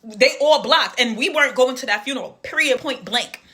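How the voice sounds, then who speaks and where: A woman telling a personal story in a casual, animated, slang-filled way. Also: high voice, brisk.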